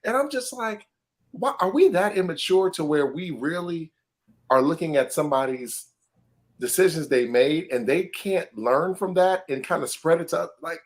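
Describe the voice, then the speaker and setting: A man co-hosting a casual podcast talks with animated emphasis and frequent laughs. His voice sits a little higher than most men's. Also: moderate pace. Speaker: podcast co-host.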